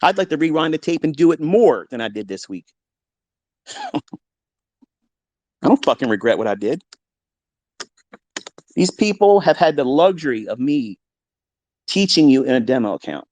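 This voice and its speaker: A middle-aged man speaking off the cuff from his basement, his voice sitting at an ordinary male pitch. He talks in a blunt, profane, combative way and keeps flaring into loud tirades. The sound is dry, with almost no room around it. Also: big pitch swings, moderate pace, long pauses, no echo. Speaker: trading mentor hosting a live audio chat. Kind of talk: unscripted live audio rant. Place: home basement.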